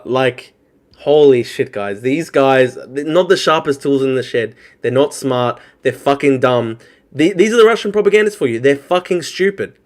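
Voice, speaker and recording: A man's voice: medium pitch, normal speed. A man ranting scornfully in a live political reaction stream, swearing and mocking his opponents.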